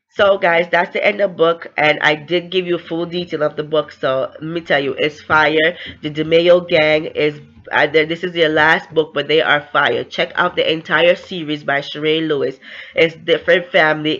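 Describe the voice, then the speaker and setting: A man casually recapping a novel's plot for viewers in a chatty, excitable way, acting out the characters' lines, over a slightly lo-fi recording. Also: a little high. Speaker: book reviewer.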